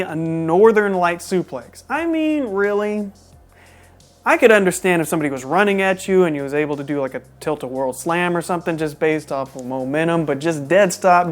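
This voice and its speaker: Chatty incredulous wrestling recapper from Texas. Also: medium pitch. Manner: animated and incredulous, with joking asides. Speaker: wrestling show reviewer. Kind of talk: casual recap commentary.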